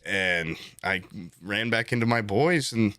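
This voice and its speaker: A man co-hosting a podcast, telling stories in an animated way, often acting out other people's voices and laughing. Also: on the low side, measured pace, no room sound, clean studio sound. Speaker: podcast co-host, streamer. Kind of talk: casual chat, storytelling.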